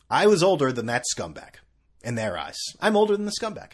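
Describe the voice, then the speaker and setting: Male podcast host, thirties, scattered and sarcastic, very animated pitch. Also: brisk. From US East Coast. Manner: sarcastic, scattered, swears freely. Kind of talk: rambling solo sports podcast.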